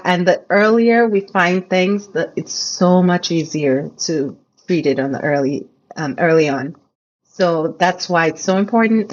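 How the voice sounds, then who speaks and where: A woman's voice: lowish voice, lo-fi sound. A woman physician, a podcast guest, explaining cases in earnest, casual conversation.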